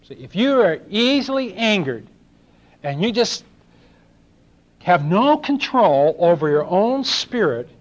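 In a high voice with big pitch swings, an older man from Los Angeles preaches slowly, pausing often. He treats the sermon as a conversation, asking the congregation questions and acting out little scenes, on a dull lo-fi recording.

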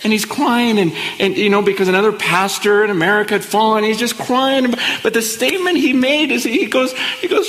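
A man preaching a sermon in an excitable, conversational storytelling way. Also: sits high, a little fast, few pauses, big-room sound. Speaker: pastor.

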